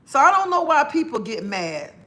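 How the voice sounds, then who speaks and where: A woman's voice: sits high, very animated, normal speed, fairly bright tone. A middle-aged woman, chatting bluntly on a livestream and laughing often. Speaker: livestream host. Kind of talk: casual livestream chat.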